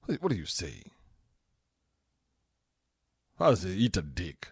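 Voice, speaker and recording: A man hosting a casual podcast, joking and ranting with a lot of animation. His voice sits fairly low but jumps all over the place in pitch. The sound is close and dry. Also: slow pace, creaky, long pauses, breathy edge, no room sound. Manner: animated, joking, swings into mocking put-on voices. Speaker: podcast host.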